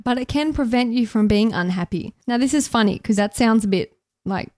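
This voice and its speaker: A woman's voice: a little high, a little fast, mellow, no room sound, clean studio sound. A young Australian woman co-hosting a podcast, chatting in a bubbly, casual way and laughing easily. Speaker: podcast co-host, radio journalist.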